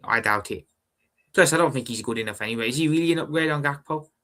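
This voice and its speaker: A young man hosting a casual football fan live stream, talking calmly and evenly while reading out viewer comments. He often repeats himself and calls viewers brother. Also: medium pitch, fast talker. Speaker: football fan livestream host.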